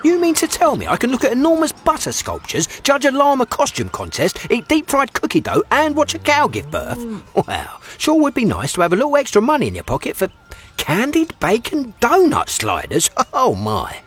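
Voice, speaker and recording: Man doing an ad voice, upbeat and folksy, high and husky. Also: wildly swooping pitch, fairly quick. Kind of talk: scripted ad read.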